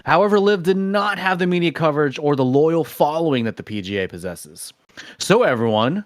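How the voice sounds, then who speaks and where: A man's voice: on the high side, animated, brisk, dry recording, studio quality. A man co-hosting a casual podcast. He reads out topic introductions, then talks loosely with frequent restarts. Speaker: podcast co-host. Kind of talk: casual chat.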